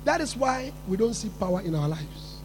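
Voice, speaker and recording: A man preaching a sermon with emphatic build-ups, repeating words and rising to shouts. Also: sits high, very animated, normal speed, background noise.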